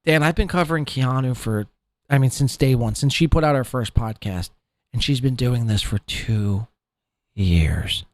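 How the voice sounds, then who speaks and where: A man's voice: medium pitch, moderate pace, dry recording. A man hosting a podcast who rants in a profane, scornful, rambling way about people he covers. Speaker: podcast host. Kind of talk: ranting commentary.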